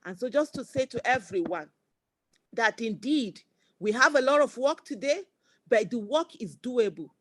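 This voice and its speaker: A woman's voice: on the high side, animated, moderate pace, fairly bright tone. A Nigerian woman in her forties with a Nigerian accent, giving an impassioned speech at a fundraiser in fervent, repetitive bursts. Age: 40s. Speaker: speaker at a campaign fundraiser.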